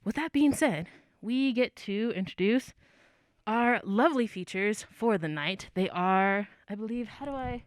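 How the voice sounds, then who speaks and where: A woman's voice: medium pitch, lively intonation, measured pace, no room sound, studio quality. A young woman hosting a poetry open mic, chatting in a casual, self-deprecating way. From United States. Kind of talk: casual chat.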